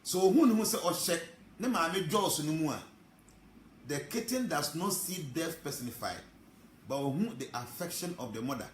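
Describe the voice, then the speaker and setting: A man's voice: fairly high pitch, lively intonation. Man preaching in an echoey room. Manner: emphatic, drawn-out phrasing, chuckles between points. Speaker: spiritual teacher. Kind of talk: sermon. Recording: roomy with faint ambient noise.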